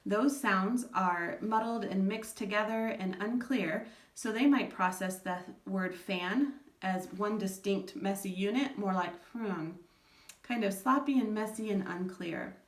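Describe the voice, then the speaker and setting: A woman with school-age children calmly explains speech strategies to parents, sounding out words syllable by syllable. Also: mid-range voice, reverberant, far from the mic. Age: adult parent of school-age children. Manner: patient, explains step by step, sounds words out slowly. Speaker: educator giving parenting advice. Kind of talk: instructional talk to parents.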